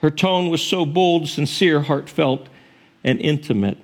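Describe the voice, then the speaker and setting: Earnest, expressive preaching man. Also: on the high side, measured pace. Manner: earnest, expressive storytelling with self-corrections. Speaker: pastor. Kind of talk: sermon.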